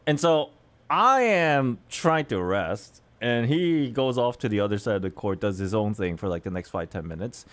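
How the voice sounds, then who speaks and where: A man in his thirties telling a story in a chatty, animated way as a streamer, laughing between lines. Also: lowish voice, moderate pace. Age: 30s. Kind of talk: casual storytelling.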